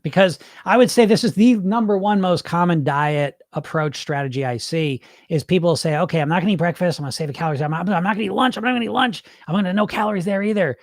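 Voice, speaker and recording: A middle-aged man hosting a casual podcast, reading listener comments and answering them in a blunt, animated way, now and then swearing and acting out the voices in people's heads. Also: high-pitched, fast, hardly any pauses, no echo. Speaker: podcast host and weight-loss coach.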